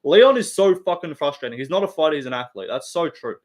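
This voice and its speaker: A man's voice: a little high, expressive, fast talker. A man with an Australian accent hosting a casual live stream, rambling and swearing through blunt opinions.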